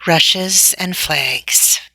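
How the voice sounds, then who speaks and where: A woman reading a children's novel aloud in a slow, deliberate, gentle way. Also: fairly low pitch, breathy edge, dry recording. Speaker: storybook reader.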